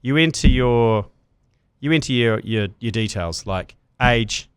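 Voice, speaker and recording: A man's voice: medium pitch, a little slow, clean tone, no room sound. A middle-aged New Zealand man cohosts a podcast in loose, crude banter. His voice sits mid-range and sounds close and dry, with no room around it. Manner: laid-back, crude, chatty, frequent "yep". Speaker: podcast host. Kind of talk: casual banter.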